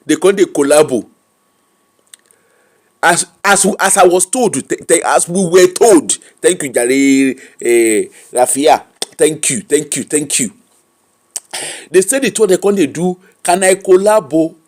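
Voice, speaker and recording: A man with a Nigerian accent hosting a gossip commentary livestream, animated, laughing often and thanking viewers by name. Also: on the high side, a little slow, pauses often. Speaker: host.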